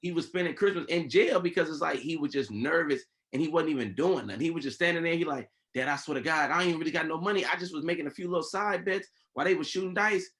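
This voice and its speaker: A man hosting a podcast in casual chat, telling a story with lively, acted-out quotes from the people in it. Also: fairly high pitch, quick pace, few pauses. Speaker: podcast host.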